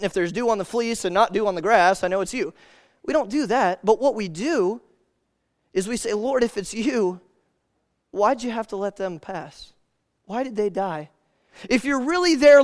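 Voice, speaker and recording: A man preaching a sermon in a casual, conversational way, calling listeners "man" and "guys" and reading scripture aloud slowly. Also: sits high.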